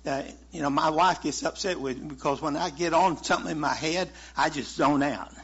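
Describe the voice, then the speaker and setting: A man's voice: a little high, a little fast, fairly bright tone, breathy edge. A man preaching a sermon in a folksy, conversational way, chuckling now and then. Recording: muffled lo-fi sermon recording.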